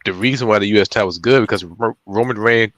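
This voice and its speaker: A man's voice: on the low side, fast, fairly bright tone, dry recording. A man on a podcast in casual chat, explaining his points with step-by-step comparisons. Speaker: podcast co-host.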